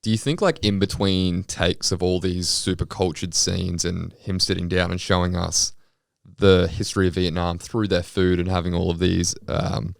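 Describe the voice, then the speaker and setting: Low gravelly man chatting. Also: steady tone, normal speed, no echo, studio quality. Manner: sweary, laid-back banter. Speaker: podcast co-host. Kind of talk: casual chat.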